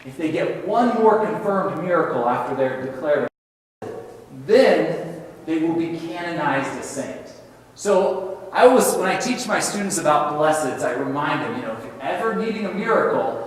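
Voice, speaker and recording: A man in his thirties, a teacher giving a talk, telling stories with sound effects and restarts. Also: fairly high pitch. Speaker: religion teacher and speaker. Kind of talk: talk on saints. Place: large hall at a spiritual center. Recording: echoey hall, mic far off.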